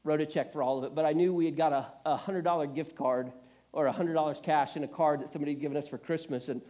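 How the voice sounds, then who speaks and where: Middle-aged pastor with a warm, mellow voice. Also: male voice, a little high, steady tone, fast talker. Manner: earnest storytelling with self-deprecating humor. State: tearful, choked up. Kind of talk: sermon.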